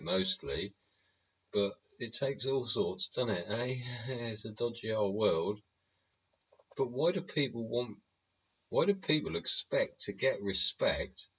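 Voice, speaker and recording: Gruff, swearing man, lo-fi stream. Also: lowish voice, bright, forceful tone. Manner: blunt, swearing, rambling rant. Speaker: livestream host. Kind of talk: live-stream chat.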